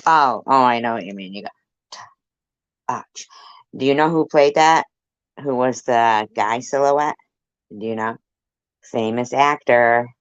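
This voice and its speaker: A woman's voice: rumbling low, dry recording, dull audio. A woman vlogger chatting to her viewers in a rambling, jokey way, laughing at her own jokes. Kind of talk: rambling casual chat to viewers.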